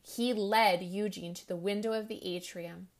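A woman reading a children's story aloud in a gentle, expressive storybook manner. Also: mid-range voice, normal speed.

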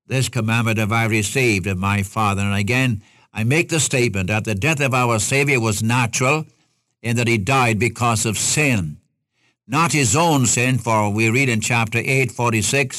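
An older man preaching an expository sermon, reading scripture aloud and rising in pitch to stress his points. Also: a bit bright, no echo, studio quality.

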